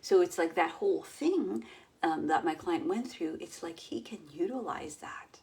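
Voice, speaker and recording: A middle-aged woman coaching her audience in a lively way, acting out inner voices and dropping to near whispers. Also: lowish voice, a little slow. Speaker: yoga and mindset coach. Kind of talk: coaching talk to an online audience.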